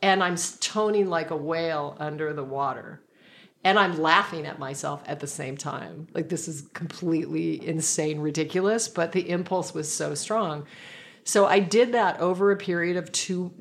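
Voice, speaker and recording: A woman with a low voice tells a story in conversation. She is reflective and meandering, doubling back to restart her sentences as she goes. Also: normal speed. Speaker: guest.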